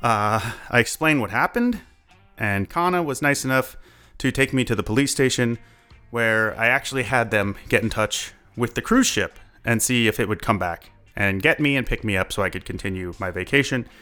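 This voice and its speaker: A young man telling a personal story in a chatty, animated way, full of likes and uhs. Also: mid-range voice, normal speed, soft background music. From United States. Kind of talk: casual first-person storytelling.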